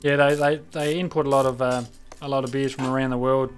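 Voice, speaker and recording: A man's voice: medium pitch, little pitch movement, fast talker. Man, Australian accent, rambling, casual stream chat, faint background music. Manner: rambling, restarts often. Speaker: live stream host.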